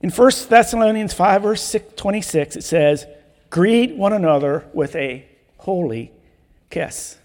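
Man, preacher, sermon, emphatic repeated words, measured scripture reading, long hall reverb. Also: high voice, animated, a little mellow.

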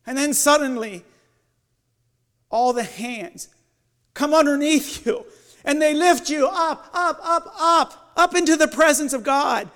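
Very high-voiced man preaching slowly. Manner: slow guided imagery, building then softening. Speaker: lay preacher. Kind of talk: evening sermon. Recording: long church hall reverb.

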